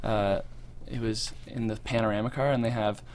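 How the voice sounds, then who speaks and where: A man from Canada, a guest musician chatting casually in a radio studio, relaxed and easygoing with lots of fillers. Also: lowish voice, normal speed, a little hiss or hum. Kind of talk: casual interview chat.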